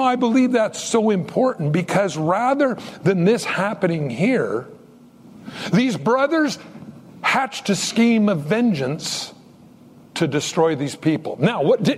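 Pastor, male, sermon delivery: high, lively voice with a husky edge; storyteller who acts out dialogue. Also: in a large hall.

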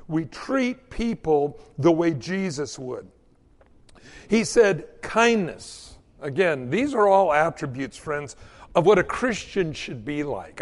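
A man preaching a sermon in a church, telling folksy stories and acting out the quotes. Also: high-pitched. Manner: folksy storytelling with acted-out quotes. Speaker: pastor. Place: church sanctuary. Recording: long hall reverb.

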